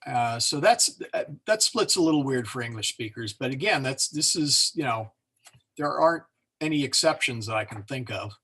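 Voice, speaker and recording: A man's voice: medium pitch, lively intonation, moderate pace, fairly bright tone, breathy edge. A man teaching an informal class on Latin pronunciation, talking loosely with many fillers and restarts. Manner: hesitant, many fillers and self-corrections.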